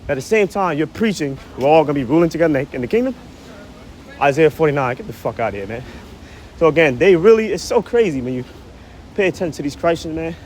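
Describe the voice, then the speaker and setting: A man's voice: a little high, animated, fast talker, darkish tone, slight background noise. A man giving blunt, profane scripture commentary outdoors. He reads verses aloud, then explains them in slang, tagging his lines with "man" and "right?" He is short of breath. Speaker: religious commentator. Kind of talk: preachy street-corner scripture commentary.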